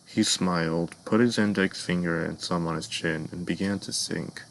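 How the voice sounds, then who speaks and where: A man narrating a dark fan-made cartoon story in a measured storytelling voice, sometimes addressing the listeners. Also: sits low, steady tone, gravelly, slight background noise, rough recording.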